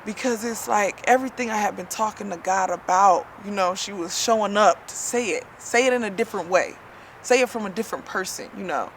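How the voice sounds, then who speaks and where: A woman's voice: mid-range voice, brisk, slight background noise. A woman vlogging a casual personal story and spiritual testimony, chatty and heartfelt, full of "you know" fillers.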